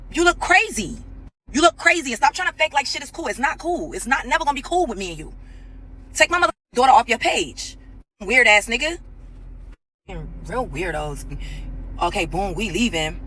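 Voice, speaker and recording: A woman's voice: medium pitch, a bit bright, slight background noise, poor audio. A woman delivering an angry, profane rant straight to the camera, confronting someone who wronged her. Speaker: reality TV personality.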